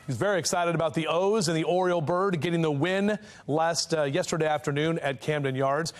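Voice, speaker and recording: A man's voice: a little high, fairly quick. Upbeat, chatty male TV weatherman. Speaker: TV meteorologist. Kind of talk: live TV weather forecast. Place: TV studio.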